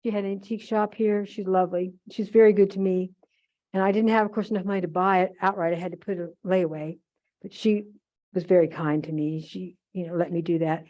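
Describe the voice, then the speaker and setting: A woman's voice: lowish voice, fairly even intonation, brisk, mellow. An older woman telling fond, rambling stories to an audience, full of asides and self-corrections. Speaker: guest speaker at a museum holiday event. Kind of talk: chatty anecdotal talk to an audience.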